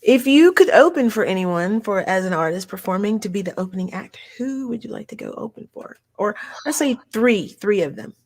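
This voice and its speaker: A woman hosts a relaxed interview and tells her stories with lively expression. Her voice has a gravelly edge. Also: medium pitch, fairly quick, few pauses. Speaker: show host. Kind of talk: casual interview chat.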